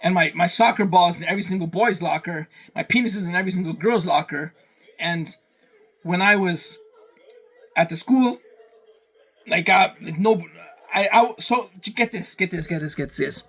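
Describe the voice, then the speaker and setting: A man's voice: high voice, a little fast, fairly bright tone, husky. A man from Canada ranting casually to camera, rambling and profane, repeating his phrases over and over. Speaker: vlogger.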